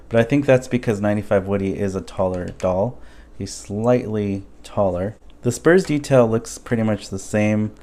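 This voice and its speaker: Laid-back man reviewing toys. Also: fairly low pitch. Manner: relaxed, thinking aloud with fillers. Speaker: toy reviewer. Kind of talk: casual product review.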